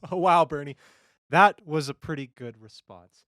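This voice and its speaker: A man's voice: fairly high pitch, normal speed, fairly bright tone, no room sound, studio quality. A man hosting a comedy debate parody as moderator, rambling crudely and getting flustered.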